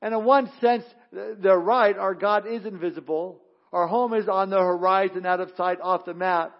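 A man's voice: sits high, lo-fi sound. A male pastor preaching a sermon, building emphasis and often restarting his phrases.

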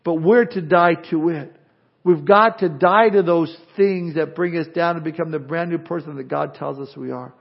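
A pastor preaching a sermon with animated delivery, acting out imagined people's objections. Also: male voice, fairly high pitch, creaky, slightly rough, dull audio. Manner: animated, acts out imagined speakers.

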